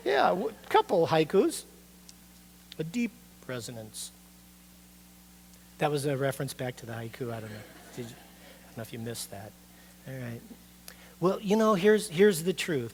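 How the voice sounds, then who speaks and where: Animated middle-aged male pastor preaching. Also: on the high side, a little slow, pauses often, a little hiss or hum. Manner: conversational, animated preaching with rhetorical questions to the congregation. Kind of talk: sermon.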